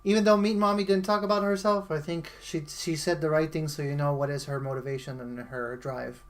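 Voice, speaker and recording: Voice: medium pitch, steady tone. Earnest host of an online meetup. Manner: earnest, encouraging, slows to stress points. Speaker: host of community meeting. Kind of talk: casual voice chat.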